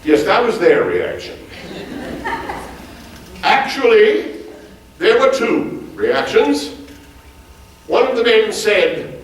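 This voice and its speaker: A man's voice: high voice, takes it slowly, pauses often, a little hiss or hum, full character voice. A man playing a hearty, bookish old-time president. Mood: spirited. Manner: animated, quizzes the audience with lively questions; formal, old-fashioned turns of phrase. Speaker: historical reenactor on stage. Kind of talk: live one-man stage portrayal. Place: large auditorium stage before a live audience. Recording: very echoey hall, mic far off.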